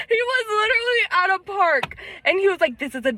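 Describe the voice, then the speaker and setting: High-voiced young woman telling a story. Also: sharp tone, rough recording. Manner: storytelling with laughter, acts out quotes. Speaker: podcast co-host. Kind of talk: casual chat.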